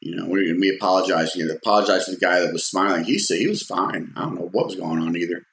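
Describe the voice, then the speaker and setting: A man's voice: low voice, quick pace, fairly bright tone, slight background noise. A man casually telling a personal story, rambling with fillers and restarts and acting out quotes in a raised voice. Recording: roomy echo.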